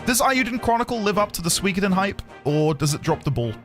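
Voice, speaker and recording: A man's voice: high-pitched, expressive, quick pace, faint music behind. A man streaming gameplay, casual and self-mocking, joking with his viewers.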